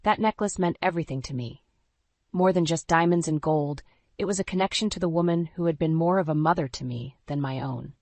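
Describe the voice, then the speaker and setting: A woman narrating a scripted first-person story in a dramatic, even storytelling voice. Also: low voice, brisk, dry recording.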